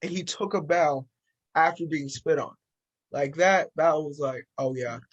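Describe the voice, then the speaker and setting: A man co-hosting a casual sports and music podcast with a fairly high voice. He talks in an animated way and jumps up in pitch when acting out what other people say. The delivery is loose, with plenty of fillers. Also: a little slow, lo-fi sound. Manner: animated, acts out quotes in a raised voice. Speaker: podcast co-host. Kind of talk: casual chat.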